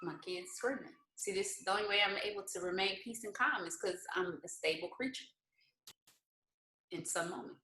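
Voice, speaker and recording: Speaking fairly quickly in a sharp, mid-range voice, this motivational host runs a relaxed live stream from her home. She peppers listeners with rhetorical questions, mixes faith-based encouragement with casual asides, and laughs often. The sound is reverberant, with slight background noise and low quality overall.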